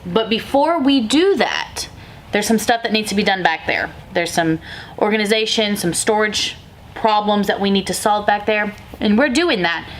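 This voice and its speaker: A woman's voice: mid-range voice, lively intonation, moderate pace. Woman vlog host, store co-owner, candid and rambling, recorded in-store, faint room noise. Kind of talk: casual vlog talk. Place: inside a small retail store.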